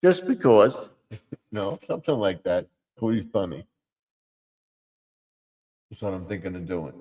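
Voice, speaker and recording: A man with a fairly low voice chats loosely on his live stream. He rambles from idea to idea and keeps slipping into silly voices. His words hang in a long reverb. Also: measured pace, mellow. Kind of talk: casual live stream chat.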